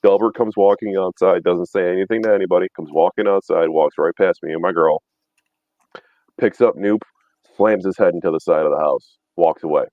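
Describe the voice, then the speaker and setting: A man's voice: deep voice, a little fast, no room sound, muffled recording. A man in his thirties telling rambling, profane stories in casual chat, laughing often. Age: 30s. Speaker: podcast host.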